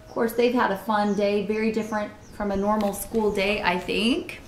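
A woman reading a children's book aloud, pausing to comment and ask listeners questions in an expressive way. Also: medium pitch, a little hiss or hum. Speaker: storybook reader. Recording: roomy echo.

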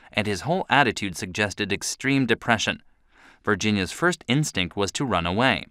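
A man narrating a children's story in a steady, clear storytelling manner, recorded close to the mic. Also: lowish voice, no echo.

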